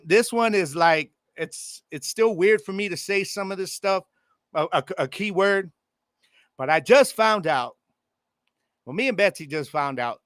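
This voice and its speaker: Excitable man, bright dry voice. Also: on the high side, no echo. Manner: loose, excitable, talks straight to listeners with slang. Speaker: podcast host. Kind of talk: casual sports podcast monologue. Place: home room with air conditioning.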